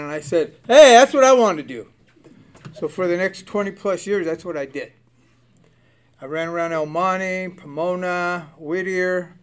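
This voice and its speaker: A man in his sixties from Southern California telling his recovery story bluntly and profanely, acting out the people in it. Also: on the high side. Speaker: recovery speaker. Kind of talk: personal testimony, storytelling.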